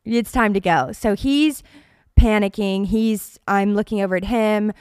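A young woman co-hosting a podcast, telling a story in an animated, chatty way and laughing often. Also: mid-range voice, unhurried, clear, resonant tone, no room sound, studio quality. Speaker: podcast co-host. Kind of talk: casual storytelling chat.

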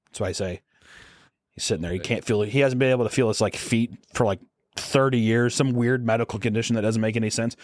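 A man's voice: mid-range voice, steady tone, quick pace, dry recording, clean studio sound. A young man co-hosting a podcast, chatting casually and acting out voices in his stories. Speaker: podcast co-host. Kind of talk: casual comedic chat.

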